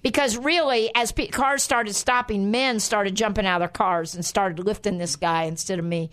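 A woman pastor hosting a Christian radio talk show, telling stories with lively, acted-out voices. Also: medium pitch, moderate pace. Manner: lively storyteller, acts out voices.

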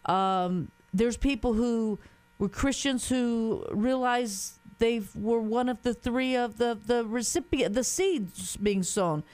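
A woman guest on a Christian talk show who speaks earnestly in quick, running sentences. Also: on the high side, a little mellow, dry recording. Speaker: guest sharing a spiritual message.

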